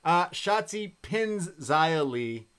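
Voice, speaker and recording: A man co-hosting a wrestling podcast, recapping the show in casual chat with animated, excitable storytelling. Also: a little high, slow pace, smooth.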